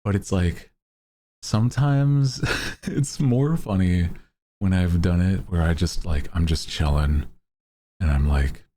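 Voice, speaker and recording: A man's voice: slow pace, long pauses, mellow. A male VTuber streamer in laid-back casual chat, greeting viewers by name and chuckling often. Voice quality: deep voice.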